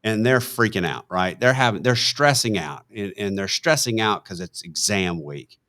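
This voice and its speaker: A man's voice: lowish voice, normal speed. A middle-aged man, chatting on a panel and telling stories, getting worked up as he goes. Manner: animated storytelling, gets worked up. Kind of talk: casual panel chat.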